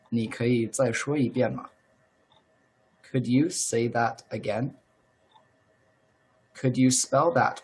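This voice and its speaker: Slow, patient bilingual male teacher. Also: mid-range voice, rough recording. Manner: slow, patient, repeats phrases in two languages. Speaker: language teacher. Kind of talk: bilingual language lesson.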